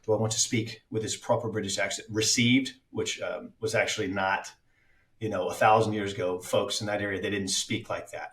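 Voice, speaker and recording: A man with a fairly low voice talks about his acting craft in a relaxed podcast chat. He is reflective and often stops to restart his thoughts. The sound carries a noticeable room echo. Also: recorded from a distance. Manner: reflective, with many fillers and restarts. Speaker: actor guest. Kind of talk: casual podcast interview.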